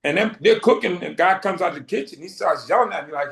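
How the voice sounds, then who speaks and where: A man's voice: high voice, quick pace, creaky, fairly bright tone. A middle-aged man from Boston telling his story as an interview guest, acting out the dialogue he quotes. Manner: vivid storyteller who acts out quoted dialogue. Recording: roomy echo.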